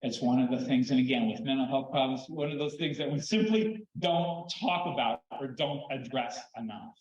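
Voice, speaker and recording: An older man giving an animated storytelling talk at a conference, expressive and prone to repeating words when excited. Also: medium pitch, normal speed. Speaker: conference speaker. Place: conference hall. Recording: echoey, dull hall recording.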